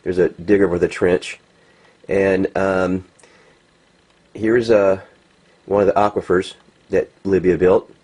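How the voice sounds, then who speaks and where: A man's voice: low-pitched, little pitch movement, slow, pauses often, a little mellow, breathy edge. A man from the United States ranting in unscripted commentary, agitated, with many restarts and fillers. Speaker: vlogger. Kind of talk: unscripted commentary over pictures.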